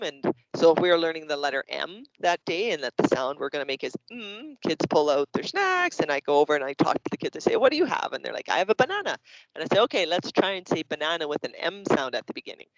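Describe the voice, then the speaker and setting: Lively Canadian man explaining classroom activities. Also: a little high, fairly quick, no echo, dull audio. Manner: lively, acts out classroom examples. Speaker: teacher presenting to educators. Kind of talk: explanatory workshop presentation.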